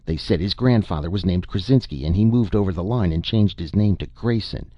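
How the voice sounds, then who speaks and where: Brief: man reading as a young, furious, tearful boy, pitched up and shrill. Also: fairly quick, dry recording. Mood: upset. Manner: raised, shrill, upset. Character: bullied eight-year-old boy, fierce and tearful. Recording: dull lo-fi dry recording.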